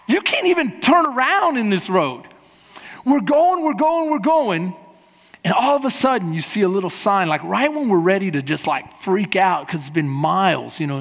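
A man preaching as a pastor, telling a funny travel story in a lively way and acting out the people in it. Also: high voice. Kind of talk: sermon with a humorous travel story. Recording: long hall reverb in a church.

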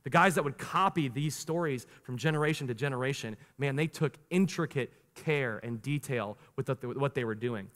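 A man in his thirties preaching a sermon as pastor, animated, slowing down for emphatic lines and rushing through quick asides. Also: medium pitch. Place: church sanctuary. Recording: long reverb of a large church hall.

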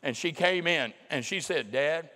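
A middle-aged man preaching a sermon in a folksy, emphatic way, slowing down to drive his points home. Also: on the high side, lively intonation, bright, forceful tone. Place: large church hall. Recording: long hall reverb.

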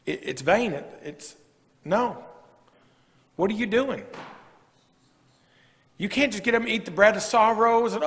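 A man's voice: sits high, expressive, measured pace, long pauses, fairly bright tone. A man preaching a sermon as a pastor, folksy and rising to emphatic preaching. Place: church sanctuary. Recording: long church reverb.

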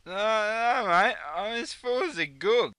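A man's voice: high voice, takes it slowly, bright, forceful tone, clean tone, no room sound, pitched above the performer's own voice, heavily acted. A man with an Australian accent putting on a drunk bloke who slurs and stammers while turning down a drink. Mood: drunk protesting.

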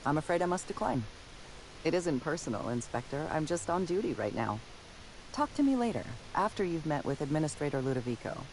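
A deadpan formal detective robot. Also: male voice, fairly high pitch, brisk, a little hiss or hum, low-quality recording. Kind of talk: video game dialogue.

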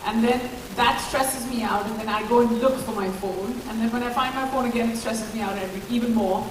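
A woman's voice: fairly high pitch, steady tone, fast. Brief: woman panel guest, meandering filler-heavy talk, far from the mic in a long-reverb hall. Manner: rambling and self-deprecating, many fillers. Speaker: panel guest at a product launch. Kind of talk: casual panel chat. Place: large echoey event hall. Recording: echoey hall, far-off mic, background noise.

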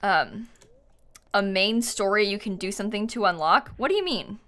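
A woman giving excitable live gaming stream commentary, swinging between panicked shrieks and quiet muttering. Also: mid-range voice, moderate pace.

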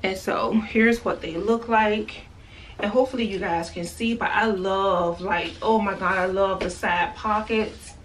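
A woman's voice: medium pitch, fairly even intonation, unhurried, far from the mic, a little hiss or hum. A woman chatting casually and gushing over clothes in a try-on haul vlog, filmed at home on a phone camera. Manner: gushing, chatty, repeats herself. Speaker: vlogger. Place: at home, indoors.

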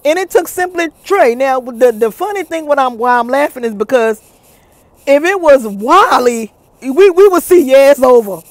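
A woman talking casually to her viewers in a gossip vlog, animated and chatty, recorded outdoors. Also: sits high, normal speed, dry recording. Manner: animated, chatty, laughs often, addresses viewers as y'all. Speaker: YouTube commentator.

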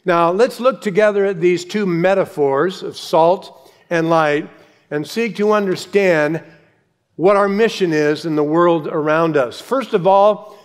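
A man's voice: high-pitched, unhurried. Earnest male pastor preaching in a reverberant hall. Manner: earnest, emphatic preaching with repeated phrases. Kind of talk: sermon. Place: church sanctuary with congregation.

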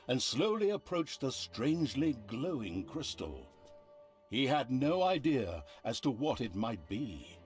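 Dry witty fantasy narrator, swings his pitch all over, takes his time, faint game music underneath. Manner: sardonic, theatrical. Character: wry male storybook narrator of a dark fantasy game.

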